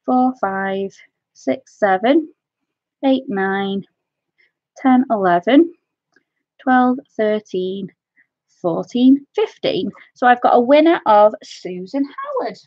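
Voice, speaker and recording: A woman's voice: on the high side, expressive, takes it slowly, long pauses, dry recording, muffled recording. A woman from North Wales with a Welsh accent hosts a craft live stream, chatting casually and calling her viewers "my love".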